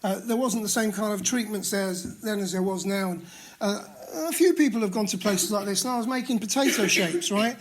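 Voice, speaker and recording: A man in his sixties with a London English accent talks fairly quickly in a high voice, sharing his personal story at a recovery meeting held in a meeting room. He's open and self-mocking, with frequent restarts.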